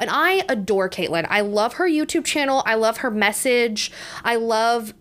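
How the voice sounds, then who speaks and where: Expressive and fairly bright, her voice runs on the high side at normal speed. As host of a casual podcast reviewing books, the young woman chats away while congested, laughing frequently and peppering her speech with fillers and restarts.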